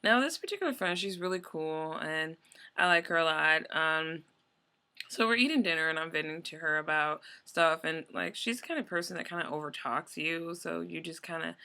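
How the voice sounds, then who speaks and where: A woman's voice: low-pitched, normal speed, bright, forceful tone, clean tone. A young adult woman ranting in a casual vlog, telling a story in a rambling, exasperated way with lots of fillers. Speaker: vlogger.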